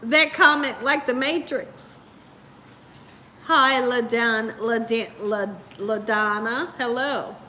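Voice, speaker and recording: A woman's voice: fairly high pitch, slow, pushed and bright, slight background noise. A woman hosting a live cooking stream, chatting casually with viewers, laughing often and sounding tired. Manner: giggly, laughs often while reading comments. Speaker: cooking show host.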